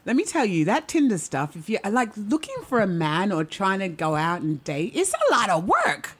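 A middle-aged woman doing stand-up, telling stories in a chatty, animated way and often asking the audience "right?". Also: mid-range voice, moderate pace, slightly rough. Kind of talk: stand-up storytelling.

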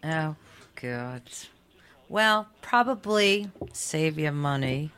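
A woman's voice: low-pitched, lively intonation, drawn-out words, fairly bright tone, smooth. A woman speaking as a talk show guest, candid and earnest. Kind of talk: radio interview.

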